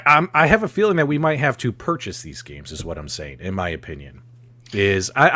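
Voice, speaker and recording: A man hosting a gaming podcast, talking in an excitable, animated way. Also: medium pitch, dry recording. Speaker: podcast host. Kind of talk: casual chat.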